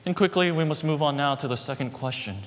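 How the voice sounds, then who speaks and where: Emphatic male pastor in a hall. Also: on the high side. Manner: emphatic, repeats phrases, slows for key words. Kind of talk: sermon. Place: church hall. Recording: reverberant hall with faint background noise.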